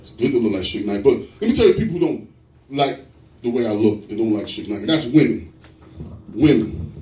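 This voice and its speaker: Male stand-up comic, animated storyteller with a lively pitch, recorded from a distance in an echoey live room. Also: a little fast, a little hiss or hum. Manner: animated storytelling, frequent quoted voices. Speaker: stand-up comedian. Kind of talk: stand-up comedy set. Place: live comedy venue.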